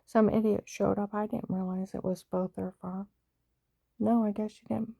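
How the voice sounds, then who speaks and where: Gravelly, indignant woman ranting. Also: mid-range voice, level tone, moderate pace, dark tone, no echo, studio quality. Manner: stutters when upset. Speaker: vlogger. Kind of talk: angry personal monologue.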